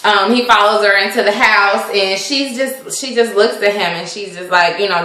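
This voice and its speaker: A woman chats through a TV episode recap in a loose, rambling way, laughing often and leaning on fillers. Her voice is bright and forceful, and it sits at an ordinary pitch. The room around her sounds echoey. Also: normal speed. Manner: chatty, laughs often, uses many fillers. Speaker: vlog host reviewing a TV episode. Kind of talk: casual recap chat.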